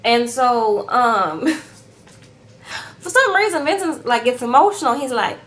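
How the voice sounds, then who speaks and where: A woman recaps a reality show in a sassy, chatty way, calling her viewers "girl" and tacking "okay?" onto her sentences. Her voice sits high and sing-song, a bit bright, at a measured pace, with a little hiss or hum in the audio.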